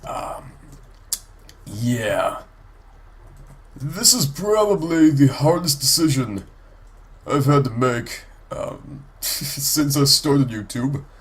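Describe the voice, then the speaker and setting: A man's voice: medium pitch, lively intonation, very slow, pauses often, breathy edge. Congested, nasal man rambling over gameplay. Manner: rambling, with many ums and restarts. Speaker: let's play creator. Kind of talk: casual gameplay commentary.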